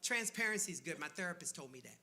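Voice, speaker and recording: Bright-voiced preacher doing stand-up. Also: male voice, fairly high pitch, lively intonation, fast talker. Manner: storytelling with punchy asides and audience call-outs. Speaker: pastor doing stand-up comedy. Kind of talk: church stand-up comedy. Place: church stage before a live audience.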